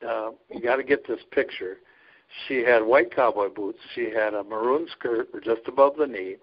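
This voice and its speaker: On a dull, lo-fi recording, a man who leads a ministry and serves as a trucker chaplain shares stories in a relaxed interview. He speaks at normal speed in a medium pitch, earnest and folksy, with frequent laughter.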